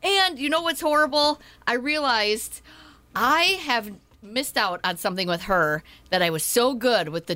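Lively bright-voiced woman chatting. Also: medium pitch. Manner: animated, chatty, laughs often. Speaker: co-host, stay-at-home mom. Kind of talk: casual chat.

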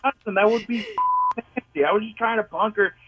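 A man's voice: sits high, very animated, a little fast. A man on a phone call, defensive and exasperated, swearing as he gets pranked. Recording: dull phone line.

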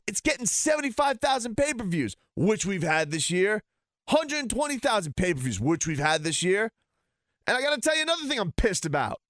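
A man's voice: high voice, fairly bright tone, no room sound. Guy on a heated sarcastic sports rant, voice all over the place, dry close sound. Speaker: sports talk host. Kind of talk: ranting sports commentary.

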